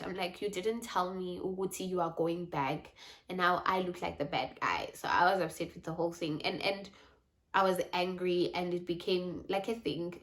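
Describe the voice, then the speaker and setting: Woman vlogger, mid pitch, candid personal storyteller. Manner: candid, reflective, animated in retold asides. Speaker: faith and lifestyle vlogger.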